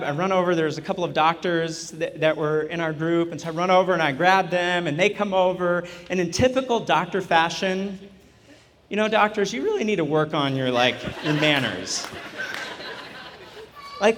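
High-voiced man preaching in an echoey hall. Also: fairly bright tone. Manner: self-deprecating, humorous, chuckles often. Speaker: chaplain preaching at a church retreat. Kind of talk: storytelling sermon.

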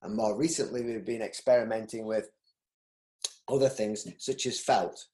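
With a fairly low, dark voice, even intonation and normal speed, a middle-aged Yorkshire business owner rambles through a casual interview. He keeps restarting his sentences and saying um, and there's a roomy echo.

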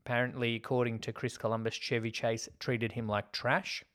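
A man's voice: medium pitch, level tone, moderate pace, fairly bright tone. A man co-hosting a casual film podcast, chatty and jokey, acting out lines from scenes. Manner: chatty, jokey, acts out quotes. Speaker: podcast co-host.

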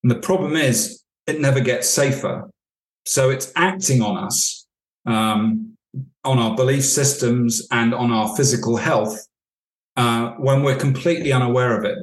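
A man's voice: medium pitch, measured pace. Man coaching, echoey room. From United Kingdom. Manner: storytelling, acts out dialogue. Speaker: leadership coach. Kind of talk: podcast interview answers.

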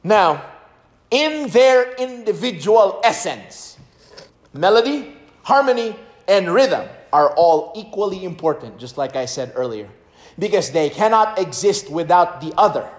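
Man preaching, high voice, slow delivery, emphatic, sings hymn snippets, echoey room. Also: big pitch swings. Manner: emphatic, sings hymn lines to demonstrate rhythm. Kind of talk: sermon.

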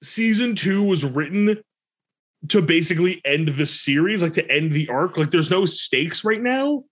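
A man co-hosting a casual podcast, giving opinions in an animated way and laughing often. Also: high-pitched, unhurried. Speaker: podcast co-host. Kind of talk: casual chat.

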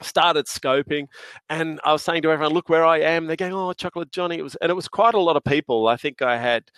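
A man's voice: a little high, a little fast, fairly bright tone, no echo. Jovial Australian man telling stories. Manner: jovial, laughing storyteller with slang. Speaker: podcast guest. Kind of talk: casual chat.

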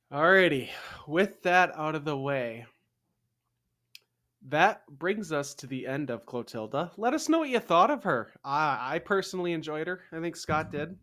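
A man's voice: on the high side, fairly bright tone. A man co-hosting a casual history podcast, chatty and jokey, often trailing off and restarting. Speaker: podcast co-host.

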